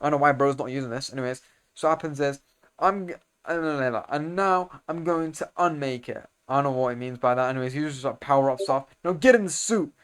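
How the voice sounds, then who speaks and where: A young man casually recapping a comic, rambling in slang, correcting himself, and getting loud and excited over the fight scenes. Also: medium pitch, a little fast, smooth. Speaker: video creator explaining comics.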